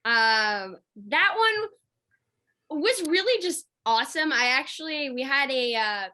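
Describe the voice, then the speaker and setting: Bright, cheerful woman chatting. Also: high-pitched, lively intonation, slow. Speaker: actor on a fan convention panel. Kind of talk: casual panel chat. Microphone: video call.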